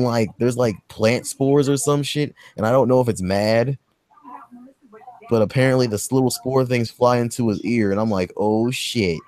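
A man hosting a podcast, recapping a movie in casual, profane, rambling chat and acting out quotes in a high voice. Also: darkish tone. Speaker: podcast host.

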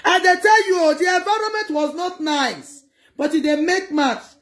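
A high-pitched woman with a Nigerian Pidgin accent talks casually to her livestream viewers. She is animated and lively, and she calls out to her audience as she speaks. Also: moderate pace. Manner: animated, switching between pidgin and local language, addressing viewers. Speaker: livestream host.

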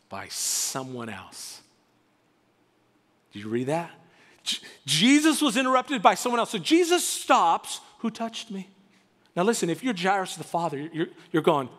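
A male pastor preaching a sermon, animated and emphatic, with dramatic pauses. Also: high voice. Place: church sanctuary. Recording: reverberant church hall.

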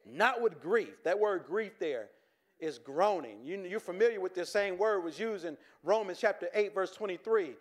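A pastor preaching a sermon in a conversational way, with stammered restarts and quick chuckles. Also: male voice, sits high, lively intonation.

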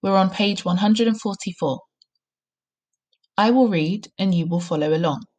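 A primary school teacher gives a recorded reading lesson, with clear, encouraging instructions. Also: female voice, medium pitch, moderate pace, a little mellow.

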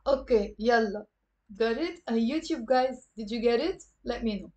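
A woman from Lebanon, a native speaker of Lebanese Arabic, teaching a live online lesson. She repeats words slowly and coaxes viewers to say them back. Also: fairly high pitch, darkish tone, muffled recording. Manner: patient, drills words aloud, coaxing viewers to repeat. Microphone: computer camera mic.

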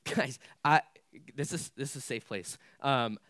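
Candid young youth pastor, dry sound. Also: male voice, mid-range voice, a little slow, a bit bright, no room sound. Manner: candid and conversational, many fillers. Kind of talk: casual youth sermon.

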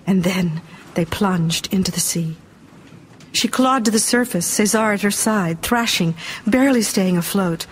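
A woman narrating an audiobook in a measured, dramatic reading style. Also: mid-range voice, slight background noise.

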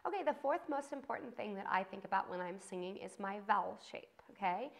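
A woman's voice: mid-range voice, expressive, normal speed, hardly any pauses. A woman teaching a singing lesson to camera, giving encouraging instructions and demonstrating sung vowels between them.

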